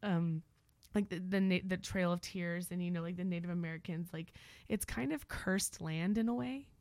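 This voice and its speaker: A woman's voice: fairly low pitch, moderate pace, darkish tone, dry recording. A woman in her thirties from Oklahoma, chatting as an interview guest and telling rambling stories full of fillers and restarts. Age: 30s. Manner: rambling, storytelling, frequent fillers. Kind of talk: casual conversational interview.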